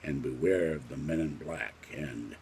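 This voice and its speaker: An older man with a very deep, husky voice tells a long, rambling story in a plain, matter-of-fact way. He pauses often, as if recalling details, in a casual vlog monologue. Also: darkish tone. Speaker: vlogger recounting a dream.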